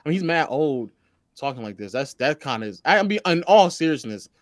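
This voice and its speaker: A man's voice: on the high side, very animated, brisk, no echo. A man co-hosting a casual chat, talking brash, boastful and profane.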